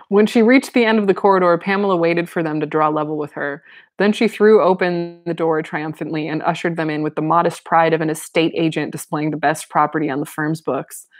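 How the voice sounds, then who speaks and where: A woman's voice: sits low, fairly even intonation, moderate pace, no room sound. Wry woman reading a novel aloud. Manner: wry asides and frequent laughs. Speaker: reader and commentator.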